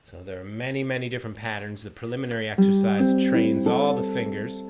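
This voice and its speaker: A man's voice: fairly low pitch, fairly quick, loud music behind the voice. Patient man teaching a ukulele lesson. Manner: patient step-by-step instruction, counting in beats aloud; friendly, greets viewers by name. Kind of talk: livestream music lesson.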